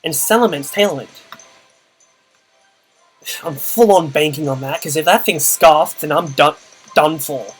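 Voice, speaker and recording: Young male host, slightly high voice, dry muttered play-by-play, soft music bed underneath. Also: measured pace, pauses often, slightly rough, rough recording. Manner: muttered, dry running commentary with groans and sighs. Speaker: channel host and player. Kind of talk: live gameplay commentary.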